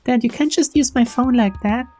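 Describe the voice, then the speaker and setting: A man voicing a sweet young woman in a high falsetto, little-girl voice. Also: normal speed, warm tone, faint music behind. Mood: pleading.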